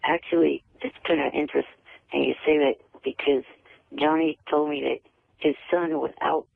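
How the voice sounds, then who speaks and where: A man calling in to a talk show, speaking haltingly and repeating words. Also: on the high side, fairly even intonation, creaky, no room sound. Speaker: caller. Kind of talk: phone-in chat. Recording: tinny phone line.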